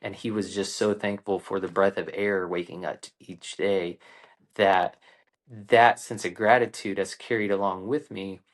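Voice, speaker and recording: A man in his forties speaks as a podcast guest, his voice sitting a little low. He tells a personal story in an earnest, unhurried way and often circles back with ums and restarts. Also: fairly even intonation. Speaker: guest, coach. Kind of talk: reflective conversational storytelling.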